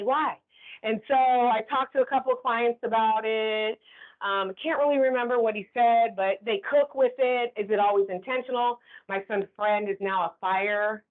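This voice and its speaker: A woman with a high voice runs a staff training session. She talks in a lively, chatty way and keeps checking in with the group. The sound is thin and phone-like. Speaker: workplace trainer. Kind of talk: classroom training talk. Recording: tinny phone-like recording.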